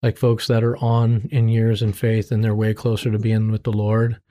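Earnest man with a flat, dark voice. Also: on the low side, normal speed. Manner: earnest, rambling with restarts and self-quotes; faith-filled, heartfelt. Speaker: interview guest sharing his testimony. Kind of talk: candid personal story.

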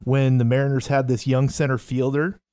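A man's voice: mid-range voice, level tone, normal speed, warm tone, smooth. A man chatting casually about baseball, musing about unlikely players who became stars and often falling back on a repeated pet phrase. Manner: musing, repeats "I just sit here and go". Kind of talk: casual sports chat.

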